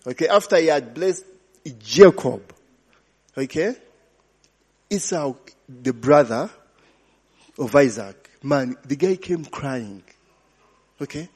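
Preaching to his congregation, a pastor throws questions at them and answers with repeated cries of "hallelujah" and "glory be to God" in call-and-response style. His fairly high, slightly rough voice has a darkish tone and lively intonation, delivered slowly with long pauses. A long hall reverb surrounds it.

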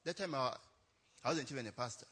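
A man's voice: medium pitch, fast, bright, forceful tone, husky. A young adult man, a pastor telling a story in a chatty sermon, laughing often and tagging lines with "eh?".

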